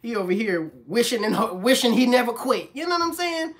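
Animated man, casual livestream chat. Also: a little fast. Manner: animated, laughing, mimics older folks in a squeaky voice. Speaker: barber streaming live.

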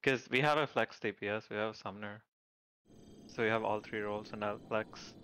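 A man's voice: fairly low pitch, fairly even intonation, a little fast, fairly bright tone, a little hiss or hum, rough recording. A man chatting casually during a game, talking hesitantly with fillers. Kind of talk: casual gaming chat over voice call.

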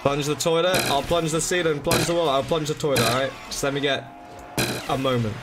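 A young man commentating his game live, excitable, swearing and begging the game for help. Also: a little high, brisk. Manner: swears, begs and pleads under pressure. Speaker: gaming streamer. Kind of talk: frantic live gameplay commentary. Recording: loud game music behind. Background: game music.

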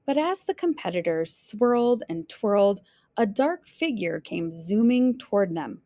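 Woman teacher, children's book read-aloud, expressive, slow, dry close sound. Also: mid-range voice, no room sound. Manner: expressive, playful storytelling.

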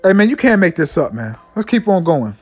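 A man preaching a fiery sermon, ending nearly every line with "man" and slowing down to read scripture solemnly. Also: high-pitched, big pitch swings, slightly rough, faint music behind. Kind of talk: fiery street-style sermon with scripture readings.

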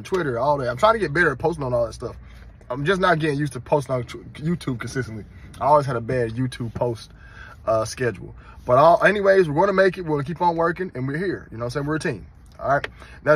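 A man from North Carolina with a Southern accent, hosting his own vlog in a casual, animated, mocking ranting style. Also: mid-range voice, a little hiss or hum. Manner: animated, mocking, emphatic rants. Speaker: channel host.

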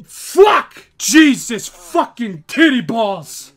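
A man's voice: very high voice, very animated, extremely slow. A young adult man streaming an over-the-top live reaction with friends, screaming, cursing crudely and laughing.

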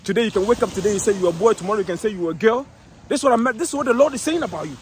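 A man preaching in the street, emphatic and repetitive, reading scripture slowly and calling out to listeners. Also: sits high, animated, darkish tone, a little hiss or hum. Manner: emphatic, repeats phrases, reads scripture slowly, calls out "eh?".

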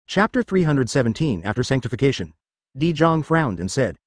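A man narrating a web novel aloud in an even, machine-like reading. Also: mid-range voice, brisk, no room sound, clean studio sound. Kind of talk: text-to-speech novel reading.

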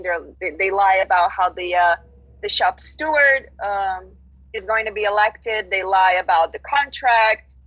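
A woman's voice: mid-range voice, no room sound, muffled recording. A woman guest, a grocery union organizer, telling her story in an earnest, frank, casual way with many restarts.

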